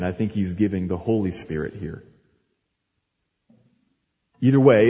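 Low, mellow-voiced preacher in a reverberant hall. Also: male voice. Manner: emphatic, repeats words for stress, explains scripture verse by verse. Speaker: pastor. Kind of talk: sermon. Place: church sanctuary.

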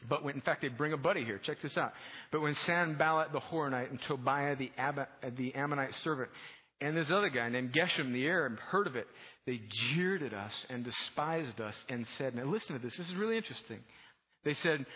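A man preaching a sermon as pastor, casual and joking at times, rising to loud, fervent passages. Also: mid-range voice, brisk, slightly rough. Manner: casual, humorous preaching that swells to loud fervor. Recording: dull lo-fi sound with long hall reverb.

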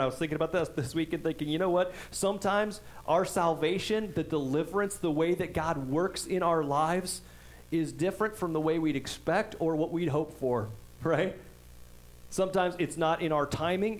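A man delivering a sermon, his voice sitting a little higher than most men's. He talks in a loose, conversational way, tossing in quick "right?" asides to the congregation. When he reads scripture aloud he leans into the words with emphasis. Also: rough recording. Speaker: pastor.

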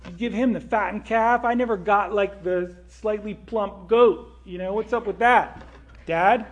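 A man's voice: sits high, unhurried, voice pushed up. A man voicing a resentful older brother who complains in a strained, indignant voice. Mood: aggrieved.

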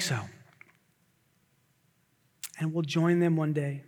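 A male pastor preaching a sermon, swinging from loud repeated shouts to hushed near-whispers. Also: high voice, moderate pace, big-room sound.

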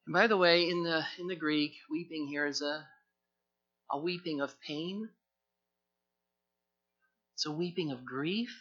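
A man preaching an expository sermon, earnest and repetitive, moving from hushed tones to fervent emphasis. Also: fairly high pitch, measured pace, pauses often, muffled recording. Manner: earnest, repeats words, swings from hushed to fervent. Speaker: pastor.

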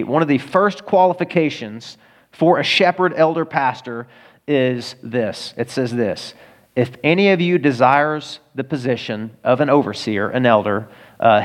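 A male pastor preaching a conversational sermon, earnest and full of rhetorical questions. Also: mid-range voice.

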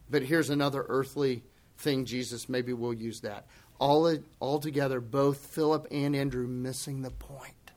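A man preaching a sermon as pastor, swinging from hushed near-whispers to emphatic outbursts and acting out voices in conversational asides. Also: mid-range voice, steady tone, unhurried. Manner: acts out quoted speech in conversational asides.

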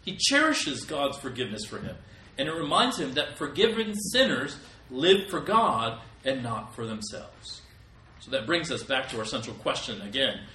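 A man's voice: a little high, bright, forceful tone. A middle-aged man preaching a sermon as pastor, with emphatic rises in volume. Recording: echoey room, voice from a distance.

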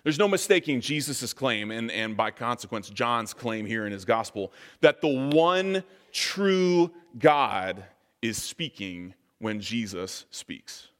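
A male pastor delivers a sermon in a steady middle register. He speaks in a measured, deliberate way and stretches out key phrases. His voice carries a long reverb from a large church sanctuary. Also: mid-range voice.

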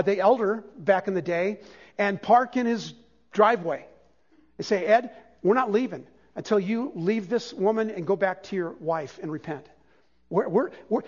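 Older man, pastor, high voice, animated conversational sermon, muffled lo-fi recording. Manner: animated, conversational preaching with self-deprecating humor. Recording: dull, lo-fi church sermon recording.

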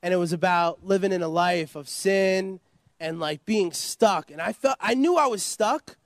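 A man's voice: high-pitched, normal speed, dry recording. A man giving a rambling personal testimony as an interview guest, full of "you know" and "like.". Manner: rambling, repeats himself, lots of "you know" and "like". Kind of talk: personal testimony, casual storytelling.

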